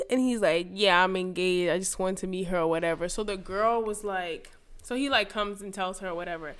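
Animated young woman telling stories. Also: medium pitch, brisk, smooth. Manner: animated storytelling, acts out quoted people. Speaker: podcast co-host. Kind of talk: casual chat.

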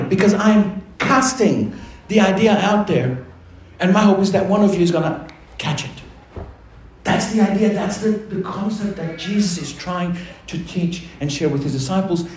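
A man preaching a sermon as pastor, animated and putting questions to the congregation. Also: sits high, measured pace, slight background noise. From Australia. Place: church. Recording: echoey church hall with faint ambience.

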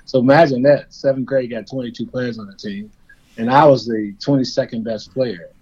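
A man from Indiana talks as a guest, spinning self-deprecating stories and chuckling between stumbling restarts. His voice sits at a middle pitch. The audio is slightly dull and lo-fi. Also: steady tone, moderate pace, darkish tone, slightly rough. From Indiana, USA. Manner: self-deprecating, laughing storyteller with frequent restarts. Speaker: guest, former player. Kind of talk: storytelling in a conversation.

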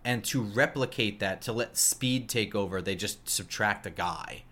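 A man's voice: fairly low pitch, unhurried, fairly bright tone. A man with a light New Jersey accent, co-hosting a sports podcast in casual, wry chat. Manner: wry, joking. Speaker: podcast co-host.

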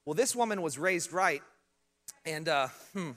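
A man's voice: fairly high pitch, unhurried, big-room sound. A young adult man preaching, telling humorous stories and laughing along with them. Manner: humorous, animated, laughs at his own stories. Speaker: pastor. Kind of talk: storytelling sermon.

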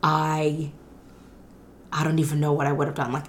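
A woman co-hosting a podcast, chatting excitedly about a TV show and rambling with lots of restarts. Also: deep voice, normal speed. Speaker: podcast co-host. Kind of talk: casual chat about a TV show.

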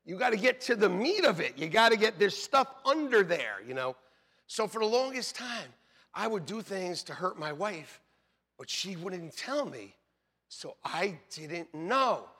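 A man preaching a sermon, loud and animated, telling jokey stories about his marriage and calling out for amens from the congregation. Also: high-pitched, a little slow, breathy edge. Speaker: pastor. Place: church sanctuary.

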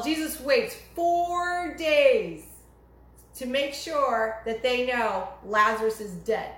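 Slow-preaching woman in an echoey room. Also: fairly high pitch. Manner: emphatic, rising to cries when quoting prayers. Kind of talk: sermon. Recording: echoey room with faint noise.

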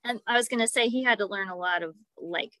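A young woman in casual conversation, chiming in quickly with laughing asides. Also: medium pitch, a bit bright. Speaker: storytelling guest, daughter. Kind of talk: casual podcast chat.

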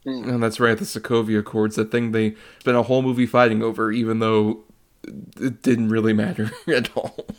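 A man's voice: fairly low pitch, level tone, normal speed. Chatty man co-hosting a film podcast. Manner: chatty, rambling, laughs often, many fillers. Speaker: podcast co-host. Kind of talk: casual film podcast chat.

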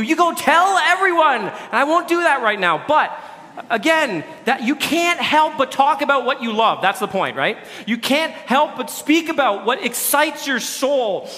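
A man's voice: high voice, sharp tone, long reverb tail. A man preaching a sermon in a loose, conversational way, often restarting his sentences. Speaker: pastor.

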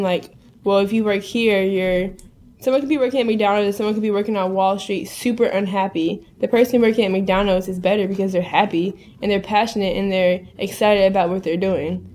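A woman's voice: medium pitch, steady tone, a little fast, a little mellow. A young woman from Minnesota, a podcast guest talking in an eager, chatty way and finishing her twin's sentences. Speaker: guest, eyewear designer. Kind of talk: casual podcast interview.

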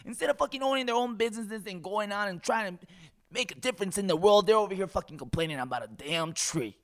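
Man doing a cussing factory worker, hot-tempered, ranting, loud bursts, middle-pitched. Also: lively intonation, normal speed, lightly acted. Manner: profane ranting, bursts into shouting. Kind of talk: improvised comic storytelling in character.

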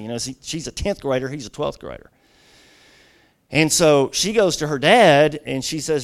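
A man's voice: on the high side, normal speed. A middle-aged man preaching a sermon as a guest pastor, telling stories conversationally with lots of "you know" asides.

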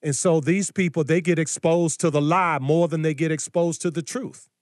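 A man's voice: fairly high pitch, steady tone, moderate pace, darkish tone, dry recording, clean studio sound. A middle-aged man hosting a political commentary show, preaching in a combative, scolding way and firing off rhetorical questions.

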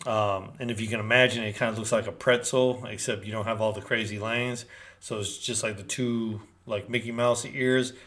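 A man's voice: on the low side, a bit bright. Slangy man telling a rambling story. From Northern California. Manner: slangy, rambling, street talk. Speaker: storyteller recounting prison life. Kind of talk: casual storytelling.

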